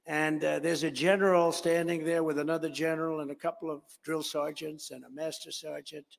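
A man's voice: a little high, little pitch movement, fairly quick, creaky. An older man giving a rambling, boastful speech to a conference crowd, acting out the dialogue in his anecdotes. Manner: conversational, boastful, acts out dialogue, digressive. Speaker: speaker at a political conference. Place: large hall. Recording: long hall reverb.

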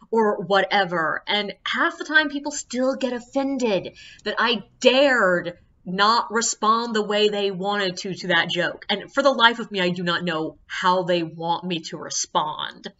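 Woman, tour guide, casual storyteller, sharp bright tone, slightly muffled recording, exasperated and swears. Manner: animated, acts out guests in high squeaky voices.

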